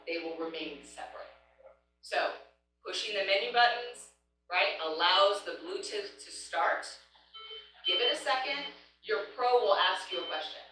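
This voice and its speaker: A woman with a fairly low voice talks a class through equipment steps in an upbeat, chatty way. She sounds distant in a very echoey room, with steady noise in the background. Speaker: equipment trainer. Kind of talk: hands-on training class. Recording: echoey room, mic far off, clear noise.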